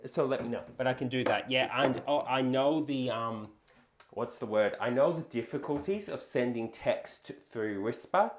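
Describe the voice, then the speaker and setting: A man's voice: medium pitch, normal speed, slight background noise. A man hosting a live cooking stream, explaining each step casually with a lot of hesitant ums. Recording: roomy kitchen echo.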